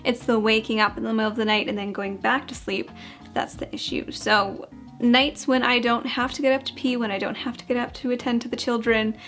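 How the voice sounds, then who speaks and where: A woman's voice: fairly high pitch, fairly even intonation, brisk, fairly bright tone, faint music behind. A young woman vlogger talking candidly about her pregnancy, a little out of breath, chatty and open with small fillers and laughs. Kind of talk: casual pregnancy update vlog.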